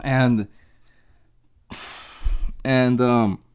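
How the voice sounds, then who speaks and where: Young man, casual book review, rambling, restarts and repeats, mid-pitched voice. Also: steady tone, extremely slow, darkish tone, smooth. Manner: rambling, repeats himself, acts out quotes.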